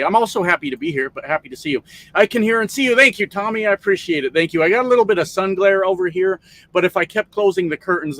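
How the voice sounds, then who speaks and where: Profane rambling trucker streamer. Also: male voice, a little high, fairly bright tone. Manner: profane, rambling, reads out chat names. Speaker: trucker livestream host. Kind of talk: casual livestream chat. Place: parked truck sleeper cab.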